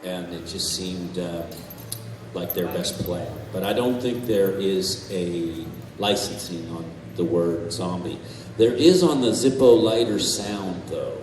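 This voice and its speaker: A man on a convention panel telling animated stories, swearing and laughing as he goes. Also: low voice, takes it slowly, noisy background. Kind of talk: storytelling on a panel. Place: large convention hall. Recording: echoey hall, far from mic, faint ambience.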